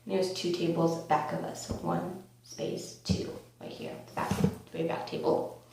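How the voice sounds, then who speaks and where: A young woman in her teens telling a storytime vlog in a rambling, filler-heavy way with bursts of excitement, recorded on a camera mic at home. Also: on the low side, moderate pace, gravelly. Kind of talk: storytime vlog, casual chat. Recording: very echoey room, faint hum.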